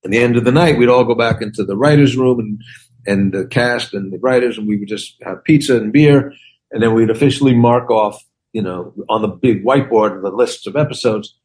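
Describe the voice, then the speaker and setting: An older man in his sixties chats loosely on a podcast as a guest, spinning anecdotes. He acts out quoted lines and leaps up high in pitch for the punchlines. His voice stays at an ordinary middle pitch the rest of the time. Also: a little fast. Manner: animated storyteller who acts out quotes with big pitch jumps. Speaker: guest comedian and actor. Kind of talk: casual podcast storytelling.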